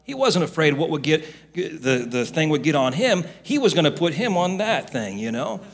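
Husky middle-aged guy preaching, lively voice that swoops up and down, gets loud and punchy. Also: fairly high pitch, moderate pace. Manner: animated preaching that builds to loud, emphatic rebukes. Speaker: pastor. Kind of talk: sermon.

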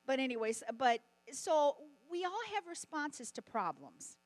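A middle-aged woman giving a testimony sermon at a conference, telling stories in an animated way and often laughing. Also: high-pitched, normal speed, hardly any pauses, no echo, poor audio. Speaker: conference speaker.

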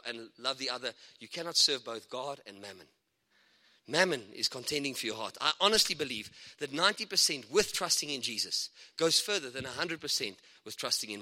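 A man preaching a lively sermon as a guest speaker, excitable and chatty, with asides and laughter between points. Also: a little high. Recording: long hall reverb.

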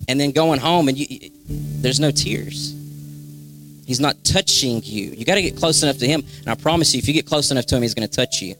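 A man's voice: mid-range voice, a little fast, fairly bright tone, faint music behind. A young man giving a spontaneous, fervent exhortation in a church, repeating phrases for emphasis. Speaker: church member sharing a word. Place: church sanctuary.

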